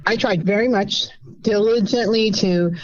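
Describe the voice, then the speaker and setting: A woman in her fifties calling in anonymously, telling her story in an animated, rambling way and acting out what others said. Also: medium pitch, unhurried, dull audio. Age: 50s. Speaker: anonymous caller. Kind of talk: casual storytelling.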